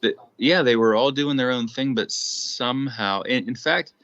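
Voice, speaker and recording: A man, a musician being interviewed, speaking casually and thoughtfully, often pausing with fillers. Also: medium pitch, a bit bright, no echo, lo-fi sound. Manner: thoughtful, hesitant, many fillers. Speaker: musician guest. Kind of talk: casual conversation.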